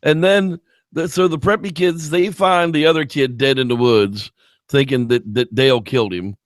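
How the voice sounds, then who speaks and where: A man in casual chat, recounting a film's plot with rising excitement and a slightly high voice. He speaks close to the mic in a dry, deadened space, pitching up sharply when he acts out characters. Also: moderate pace, no echo. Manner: animated retelling, squeals when quoting characters. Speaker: podcast co-host. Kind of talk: casual movie review chat.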